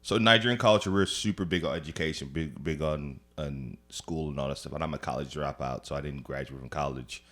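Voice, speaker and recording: A man's voice: very deep voice, brisk, hardly any pauses, a bit bright. A man, a comedian guest on a podcast, telling stories in casual chat and acting out the people he quotes with lots of laughter.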